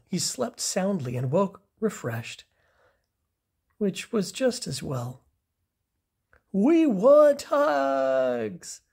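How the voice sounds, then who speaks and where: A children's story read aloud at a slow, unhurried pace. The voice is soft and breathy, with a lively, rising-and-falling melody. Each line is shaped with care for young listeners. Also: medium pitch. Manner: slow and expressive. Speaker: storybook reader.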